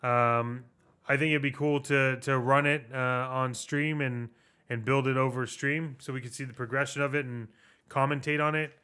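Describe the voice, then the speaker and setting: Bright, clear-voiced man rambling about games. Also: mid-range voice, fairly even intonation, normal speed. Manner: rambling, restarts sentences, swears casually. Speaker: podcast co-host. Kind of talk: casual chat about video games.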